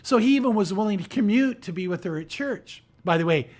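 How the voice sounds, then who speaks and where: A male pastor, preaching a conversational storytelling sermon and lifting his voice when quoting people. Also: brisk. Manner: conversational, animated, raises pitch for quoted characters.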